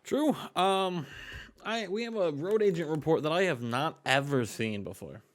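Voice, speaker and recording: A man's voice: fairly high pitch, expressive, moderate pace. A young man co-hosting a gaming show, chatting casually with dry reactions. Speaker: game show co-host. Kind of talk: casual chat.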